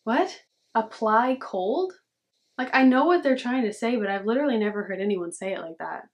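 A woman's voice: mid-range voice, lively intonation, fast talker. Sarcastic young woman vlogger, says "dude". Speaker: YouTuber. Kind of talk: casual commentary.

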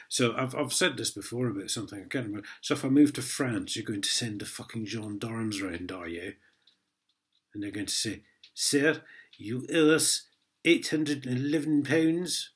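An Englishman in an angry vlog rant, swearing heavily and mocking a letter he reads aloud. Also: mid-range voice. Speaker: vlogger.

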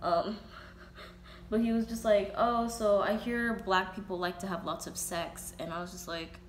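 A woman's voice: medium pitch, fairly even intonation, measured pace, a little hiss or hum. Candid young woman telling a story. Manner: candid and profane, quotes herself and others in reenacted dialogue. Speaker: vlogger. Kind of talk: casual storytime. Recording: roomy echo, faint ambience.

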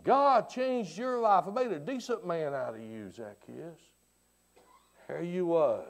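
A man preaching a sermon who swings from hushed tones to shouting and keeps repeating rhetorical questions in church. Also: a little high, expressive, slow, gravelly. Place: church sanctuary.

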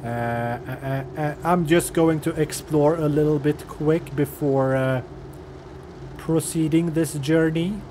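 Profane, jokey non-native English-speaking gamer. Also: male voice, on the high side, steady tone, takes it slowly, background noise. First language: not English. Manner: profane, jokey, talks to the game characters. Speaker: gaming channel host. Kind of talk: casual let's-play commentary.

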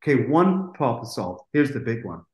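Man, music producer, animated storyteller, swears casually, echoey room. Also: medium pitch, moderate pace. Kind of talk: anecdotal interview storytelling.

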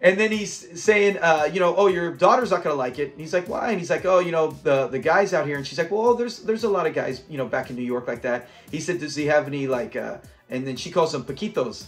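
A man from Southern California casually recapping a sitcom episode, chatty and quick to laugh as he acts out the lines. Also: a little high, faint music behind. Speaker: host of a sitcom review channel.

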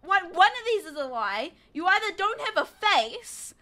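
A woman's voice: very high voice, sing-song, moderate pace, sharp tone. A woman from New Zealand streaming a story game, chatting and teasing her viewers playfully with giggles. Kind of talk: casual let's-play chat.

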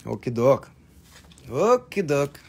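Gravelly, excitable live-sale host. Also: male voice, medium pitch, slow. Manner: jokey, excitable, teasing viewers. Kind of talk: live-stream sales patter.

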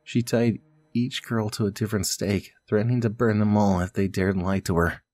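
A man with a low voice plays through a puzzle game, reading the story text aloud. He breaks off to mutter to himself and curse. His voice sounds dry and close, with no room echo. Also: little pitch movement, moderate pace, a little mellow. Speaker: let's play gamer.

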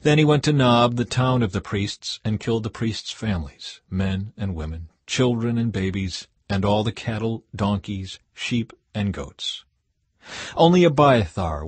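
Husky male Bible reader. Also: lowish voice, dry recording. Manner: steady, expressive reading. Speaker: audiobook narrator. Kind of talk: scripted Bible reading.

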